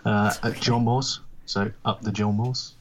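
A man's voice: fairly low pitch, flat delivery, measured pace, slight background noise. A man from England co-hosting a podcast and chatting casually, with a dry, understated delivery. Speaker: podcast co-host. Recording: dull lo-fi sound.

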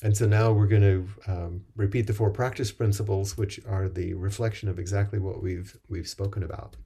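A man leading a spiritual talk and group chanting, speaking gently and encouragingly with halting restarts. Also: low-pitched, steady tone, creaky, slightly rough. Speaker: Zen teacher.

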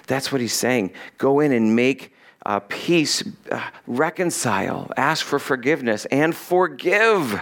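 A man's voice: medium pitch, expressive, normal speed, a bit bright. Man, pastor, sermon, chatty and joking, reads scripture aloud.

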